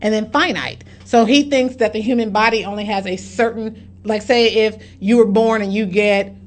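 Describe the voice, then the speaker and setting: A woman's voice: mid-range voice, fairly even intonation, normal speed. A woman with a mid-range voice holds forth in a loose conversation. She is blunt and profane, with strong opinions. Her rants come easily and without a filter. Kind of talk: casual chat.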